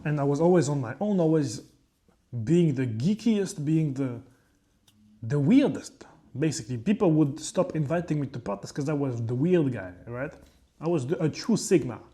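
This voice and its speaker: Young French-accented male vlogger, mellow and dark, slightly high, rambling and swearing casually. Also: lively intonation, normal speed. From France. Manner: rambling and profane, with frequent asides. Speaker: chef and fitness creator. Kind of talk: casual vlog monologue.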